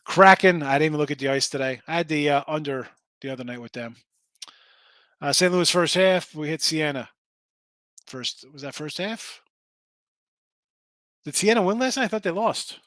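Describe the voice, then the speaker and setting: Fired-up male betting host, bright voice pitched a bit high, chatting with viewers. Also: normal speed, pauses often, no room sound. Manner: excitable, swears, talks to chat viewers by name. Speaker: sports betting show host. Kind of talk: casual betting picks talk.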